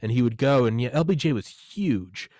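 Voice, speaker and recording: A man's voice: mid-range voice, normal speed, dry recording, clean studio sound. A man hosting a casual interview chat, telling stories and acting out quotes with a raised voice, swearing casually. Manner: animated, acts out quotes in a raised voice. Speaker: podcast host.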